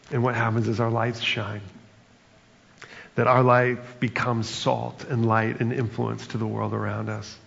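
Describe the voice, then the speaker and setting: A pastor with a gravelly mid-range voice preaches a conversational, reflective sermon, often tossing in "right?" and "like." The sound is dull and lo-fi with a long reverb.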